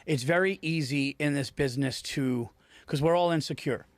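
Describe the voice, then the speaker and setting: A man hosting a podcast, talking in animated casual chat, swearing freely and acting out quoted lines. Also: fairly high pitch, moderate pace, no echo. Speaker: podcast host and comedian.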